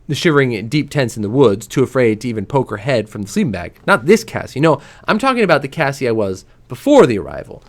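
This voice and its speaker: A man reading a novel aloud to his stream, giving quoted lines lively voices and dropping soft and low on the quiet ones. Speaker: reader.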